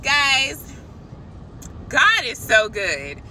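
A woman telling a casual, animated faith testimony, chatting directly to her viewers. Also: high-pitched, very slow, slight background noise, poor audio. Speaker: christian vlogger.

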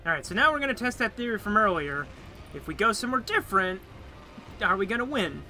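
A man giving sarcastic, excitable commentary while playing a game, with music behind him. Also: sits high, fast. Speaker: gaming YouTuber. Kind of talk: joking gameplay commentary.

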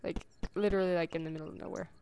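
A woman's voice: lowish voice, rapid-fire, creaky. Woman rambling through a game she's playing, gasps and squeals a lot, light hiss behind her. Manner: chatty and excitable, gasps at finds, squeals and sing-song calls. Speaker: gameplay commentator. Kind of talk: casual let's-play commentary.

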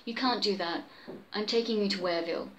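A hot-headed young man insisting on getting his way, voiced by a woman reader. Middle-pitched and plain, in an amateur pulp story reading. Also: quick pace, a little hiss or hum, natural voice, low-quality recording. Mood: heated.

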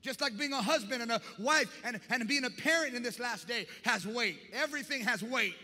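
A male pastor preaching a lively sermon to his church, often shouting and acting out scenes from the Bible. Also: very high voice, brisk. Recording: reverberant church hall.

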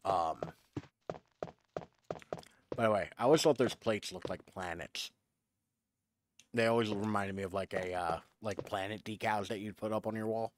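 A man's voice: fairly low pitch, moderate pace, pauses often, slight background noise. A man streaming a video game, chatting casually and rambling as he plays. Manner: rambling, self-correcting, chatty. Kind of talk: casual gameplay commentary. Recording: game music playing behind.

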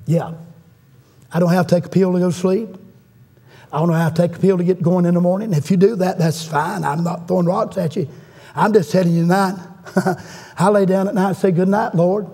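High-voiced fervent preacher. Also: male voice, steady tone, a little fast, warm tone, slightly rough. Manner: fervent preaching, storytelling, calls to the congregation. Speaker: guest preacher. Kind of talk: revival sermon. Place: church sanctuary.

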